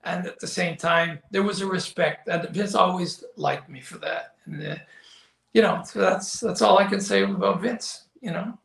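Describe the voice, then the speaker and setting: At normal speed, an older man who formerly commentated wrestling shares stories in an open interview; his voice sits high, creaky and a bit bright. He acts out quoted lines, says "you know" a lot, and the room echoes.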